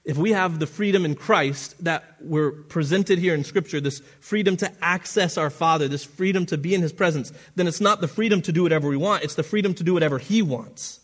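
A man delivers a sermon with earnest conviction, his voice sitting a touch higher than most men's. He often stumbles and restarts his phrases, and chuckles now and then at his own asides. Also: a little fast, few pauses, husky. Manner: earnest preaching with repeated restarts. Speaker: pastor.

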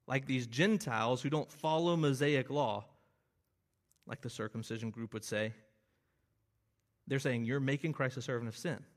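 A man's voice: mid-range voice, fairly bright tone. A man preaching an expository sermon, earnest and explanatory, rising to emphatic bursts on key phrases. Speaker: pastor.

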